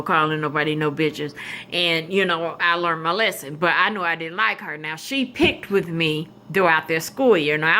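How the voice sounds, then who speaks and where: A woman telling a personal story on a vlog, animated, casual and profane. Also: on the low side. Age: adult. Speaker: vlogger.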